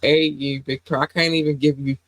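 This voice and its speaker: A woman's voice: deep voice, little pitch movement, brisk, dry recording, low-quality recording. Under-the-weather woman hosting a podcast. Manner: affectionate, rambling, with many fillers. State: under the weather, low energy. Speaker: podcast host. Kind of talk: casual livestream podcast chat.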